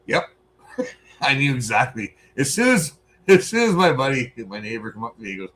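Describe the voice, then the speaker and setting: A man, co-host of a podcast, telling a profane, animated story in casual chat. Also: mid-range voice, normal speed.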